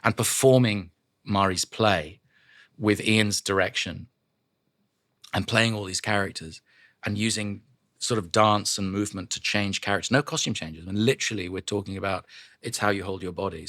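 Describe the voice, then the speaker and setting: Middle-aged English man, lower voice, punchy bright tone, dry studio sound, animated anecdotal guest. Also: no echo. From London, England. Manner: lively anecdotal storyteller, swears freely. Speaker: guest actor. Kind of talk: casual interview chat.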